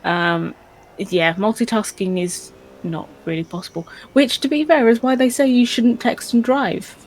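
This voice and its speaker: A woman's voice: fairly high pitch, fairly even intonation, unhurried, darkish tone, poor audio. A woman co-hosting a live stream, reading out chat in a casual, giggly way with plenty of hesitations. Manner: giggly, hesitant, lots of ums.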